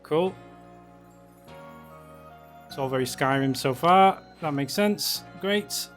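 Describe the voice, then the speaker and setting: A man's voice: a little high, slow, fairly bright tone, soft background music. A man casually commenting while playing a game, joking as he goes. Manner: jokey, reads game dialogue in voices. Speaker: streamer.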